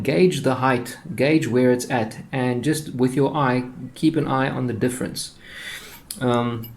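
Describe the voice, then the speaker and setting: A man talks through a guitar setup like a teacher at his workbench, in a plain mid-pitched voice. He rambles a little, repeating words and dropping fillers as he goes. A faint hiss sits under the recording. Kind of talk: casual tutorial explanation.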